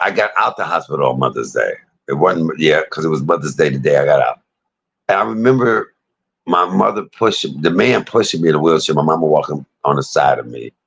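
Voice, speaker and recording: A man, casually telling a personal story to his viewers, animated, laughing often and swearing freely. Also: low voice, creaky, slightly rough, poor audio.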